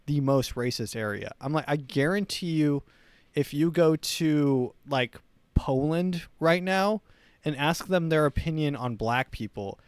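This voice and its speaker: A man's voice: a little high, clear, resonant tone, no echo. A man hosting a casual solo talk show, rambling with many restarts. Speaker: host.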